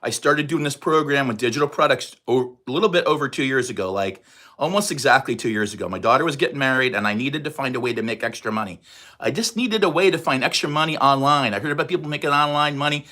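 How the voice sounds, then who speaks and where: A man in his sixties with a New York accent, chatting casually and fast on a livestream. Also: mid-range voice, sharp tone. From New York area, USA. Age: 60s. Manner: fast, chatty, reads out viewer comments. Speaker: livestream host.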